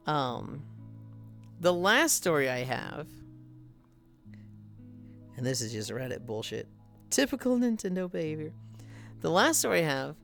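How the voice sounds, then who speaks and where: A woman streamer chatting casually with viewers, swearing freely and laughing often. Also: low-pitched.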